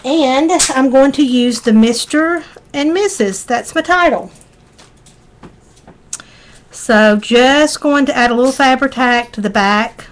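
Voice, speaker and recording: This is a middle-aged woman with a warm Southern US drawl, a little higher-pitched than most. She walks viewers through a craft project in a folksy, chatty way, talking along as she works. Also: slow. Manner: chatty, folksy, talks while working. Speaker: craft demonstrator. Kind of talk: live craft tutorial.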